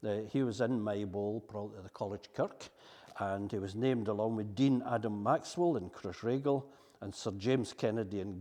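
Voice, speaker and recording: A man's voice: fairly low pitch, darkish tone. Chatty Scottish man giving a talk. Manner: chatty, digressive, reading from a script. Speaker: local history speaker. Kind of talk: public evening talk. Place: hall with an audience. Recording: long hall reverb.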